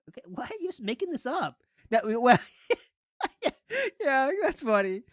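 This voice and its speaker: A man's voice: sits high, sing-song, a little slow, fairly bright tone, no room sound, clean studio sound. A man hosting a podcast, sarcastically mocking a played story with lots of laughter and disbelief. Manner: sarcastic, incredulous, laughing often. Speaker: podcast host reacting to a clip. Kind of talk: mocking commentary over a played clip.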